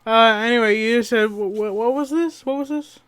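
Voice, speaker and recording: A podcast co-host chatting casually, with short, low-key replies. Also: moderate pace, fairly bright tone, smooth, no room sound. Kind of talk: casual chat.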